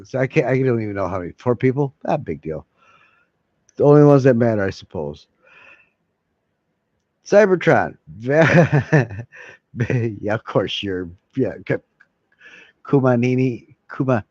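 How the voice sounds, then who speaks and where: A man's voice: mid-range voice, animated, normal speed, long pauses, a little mellow, no echo. A man rambling casually to his viewers, swearing freely and chuckling between thoughts. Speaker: vlogger. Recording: dull lo-fi sound.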